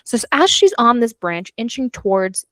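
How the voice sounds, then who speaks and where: A woman's voice: a little high, very animated, normal speed, sharp tone, no room sound. A young woman co-hosting a book club podcast, casually retelling a novel's plot and acting out the characters' lines, swearing freely. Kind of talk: casual chat recapping a novel.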